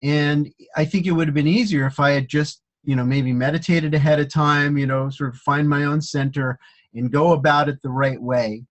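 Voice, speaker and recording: A man hosting a casual chat, talking in a reflective, halting way with many restarts. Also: on the high side, steady tone. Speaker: host.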